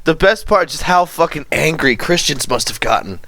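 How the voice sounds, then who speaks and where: A man's voice: fairly high pitch, expressive, moderate pace. A man co-hosting a podcast in casual chat, cursing and bursting into laughter. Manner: profane, bursts into loud laughter. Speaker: podcast co-host.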